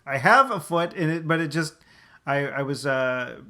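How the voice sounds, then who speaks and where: Blunt joking guy on a podcast, gravelly voice, sharp tone. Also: on the high side, lively intonation, normal speed. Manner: wisecracking, blunt, profane. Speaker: podcast co-host. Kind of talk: casual chat.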